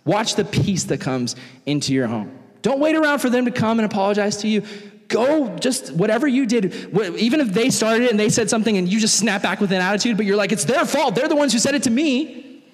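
A young man preaching to young people in a lively, conversational way. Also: sits high, fairly quick. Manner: animated, conversational, acts out voices. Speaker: youth pastor. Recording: long hall reverb.

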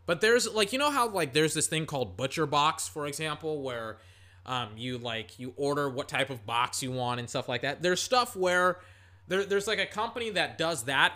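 Young guy from texas rambling on with lots of "like", kinda high voice, jumps into hyped game calls. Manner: rambling, heavy on filler words, bursts into excited play-by-play. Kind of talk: casual rambling chat while calling a football game.

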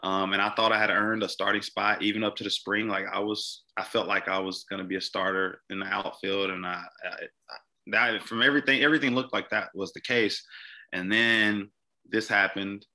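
A young man from Mississippi, a podcast guest telling a personal story in a halting way, often repeating words and restarting. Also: lowish voice, steady tone, bright, forceful tone.

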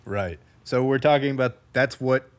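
A man's voice: medium pitch, normal speed, clear, resonant tone. A man from the Midwest co-hosting a podcast, chatting casually, laughing often and correcting himself as he goes. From American Midwest. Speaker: podcast co-host. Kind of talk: casual chat.

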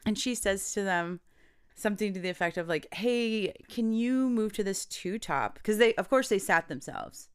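A woman's voice: mid-range voice, expressive, moderate pace, clear, resonant tone. A woman co-hosting a podcast, casually telling a story, quoting people and laughing often. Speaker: podcast co-host.

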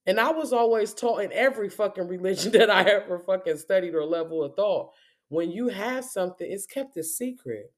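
A woman's voice: mid-range voice, expressive, a little fast. A woman giving a profane, confrontational spoken rant as a spiritual vlogger, cursing heavily and repeating herself.

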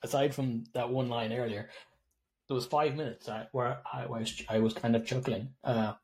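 A man's voice: mid-range voice, fairly even intonation, a little mellow. An Irish man co-hosting a film podcast, chatting casually, joking and chuckling. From Ireland. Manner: jokey, chuckling, quick agreement. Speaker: podcast co-host. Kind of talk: casual film review chat.

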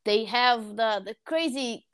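Over the noise of a loud crowd, a woman speaks slowly in a voice on the high side. She's chatting casually, telling an animated story full of laughter and acted-out quotes.

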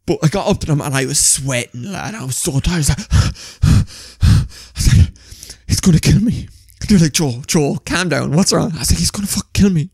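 Lively Irish man, gravelly laughing storyteller. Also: fairly high pitch, fairly quick, hardly any pauses, no room sound, clean studio sound. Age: young adult. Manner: animated, laughing storyteller acting out voices. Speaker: podcast co-host. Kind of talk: casual storytelling chat.

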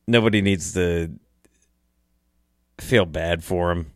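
Deep-voiced man fighting back tears. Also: slow, no echo, studio quality. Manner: tearful, swearing, laughs through it. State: choked up, close to tears. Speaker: hunting personality. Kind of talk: emotional personal storytelling.

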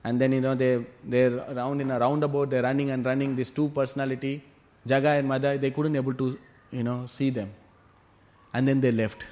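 A man at mid pitch leads a devotional class, retelling a scripture story. He keeps it lively and keeps checking that his listeners follow. His voice sits neither high nor low. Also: brisk. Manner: lively retelling, frequent "you know" and "huh?" asides.

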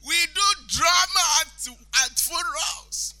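A male preacher giving a sermon, chanting lines in sing-song and shouting at the peaks, acting out the people he quotes. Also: extremely high pitch, lively intonation, measured pace, few pauses. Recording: faint music behind the voice.

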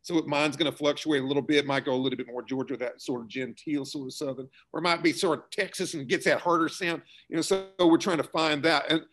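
A man's voice: a little high, fast, few pauses, a bit bright. Middle-aged man, easygoing explainer. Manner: conversational, explanatory, many fillers and restarts. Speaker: school theater director. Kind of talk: relaxed interview answers.

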